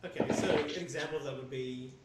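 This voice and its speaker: A man's voice: medium pitch, level tone, brisk, slight background noise. A man interviewing a guest in a casual live chat, friendly and asking short questions.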